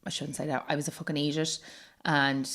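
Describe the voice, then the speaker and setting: A woman's voice: sits low, little pitch movement, brisk, a bit bright. An Irish woman co-hosting a podcast, rambling casually with lots of fillers. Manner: rambling, filler-heavy talk. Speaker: podcast co-host. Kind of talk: casual chat.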